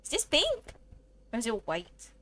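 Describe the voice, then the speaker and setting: A woman's voice: on the high side, huge pitch swings, a little slow, a bit bright. A young woman streaming a horror game live, jittery and swearing, pleading with the game and screaming when scared.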